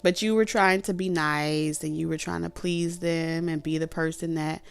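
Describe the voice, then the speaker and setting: Low-pitched and resonant, with vocal fry and a clear tone, this woman talks at a moderate pace with few pauses. She does a casual tarot reading in a chatty, colloquial style, animated, often laughing and acting out what people might say.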